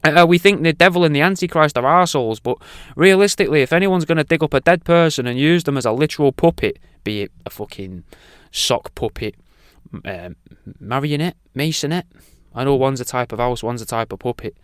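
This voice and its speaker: A man's voice: fairly high pitch, animated, a little fast, hardly any pauses, fairly bright tone, clean tone, no echo, clean studio sound. A man hosting a radio talk show, rambling off on tangents and swearing freely. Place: radio studio.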